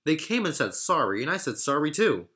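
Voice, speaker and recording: A man voicing a small, excitable male steam engine who complains in a high, childlike way. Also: fairly quick, noisy background. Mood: cheerful. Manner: shrill, indignant, childlike complaining. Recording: narration over loud music.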